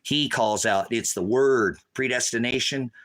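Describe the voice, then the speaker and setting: A man's voice: medium pitch, a little slow, a bit bright, rough recording. A middle-aged American man preaching off the cuff, combative and rambling, scolding his listeners. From United States.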